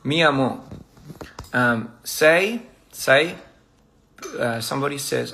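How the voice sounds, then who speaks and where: A man casually chatting on a phone livestream over a meal, halting and repeating words and laughing at his own slips. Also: mid-range voice, lively intonation, gravelly, sharp tone, a little hiss or hum. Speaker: livestream host. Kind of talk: casual livestream chat while eating. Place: indoors at a meal table.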